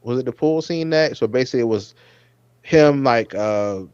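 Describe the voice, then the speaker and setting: A man hosting a casual review chat, rambling and getting animated when he recalls his own reactions. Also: mid-range voice, moderate pace, smooth, no echo, highs cut off. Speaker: podcast host.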